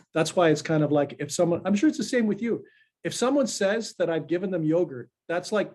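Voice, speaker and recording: A man guest telling lively personal stories in a casual podcast chat. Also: on the high side. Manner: animated anecdotal, frequent fillers. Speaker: pollster and guest.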